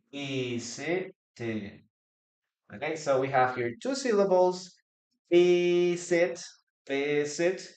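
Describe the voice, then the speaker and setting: A male English teacher runs a live online lesson at an unhurried, deliberate pace, patiently repeating each word and quizzing the chat again and again. His medium-pitched voice rings with a roomy echo.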